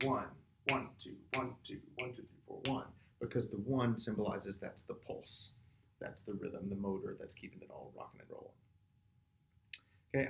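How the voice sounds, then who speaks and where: A man's voice: lowish voice, vocal fry, slight background noise. A man teaching a music lesson, patiently explaining rhythm and counting beats and chanted words aloud. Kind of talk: classroom lesson. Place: classroom or studio with a board. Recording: echoey room.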